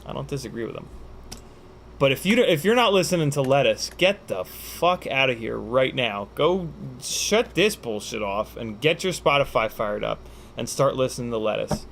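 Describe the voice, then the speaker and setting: A man hosts a casual livestream Q&A, reading out viewer questions while joking, swearing and rambling with plenty of fillers. His mid-range voice is creaky with lively intonation at normal speed, over a slight hiss or hum.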